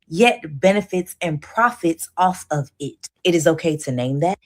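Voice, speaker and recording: A woman host speaks with a low-pitched voice in firm, forceful video-essay commentary. She lays her points out deliberately and does not soften them.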